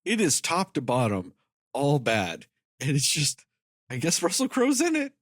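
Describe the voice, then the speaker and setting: A man co-hosting a podcast, talking about a movie in a blunt, animated way with some swearing. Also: on the high side, measured pace, no room sound, clean studio sound. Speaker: podcast co-host. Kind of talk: casual movie review chat.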